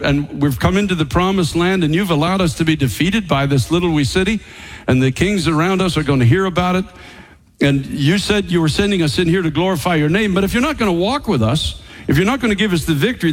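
A man's voice: on the high side, low-quality recording. A man preaching a sermon as pastor, emphatic and paraphrasing scripture with light chuckles.

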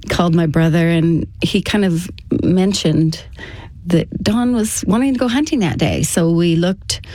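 A woman telling a personal story to an interviewer in a casual, halting way, with frequent restarts. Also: on the low side, warm tone, dry recording. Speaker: interview guest.

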